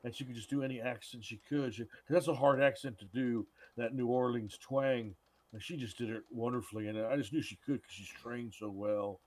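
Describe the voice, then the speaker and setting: A man voicing a movie star looking back on his film, in a slow, offhand and modest way. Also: mid-range voice, steady tone, pitched below the performer's own voice, natural voice. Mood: relaxed.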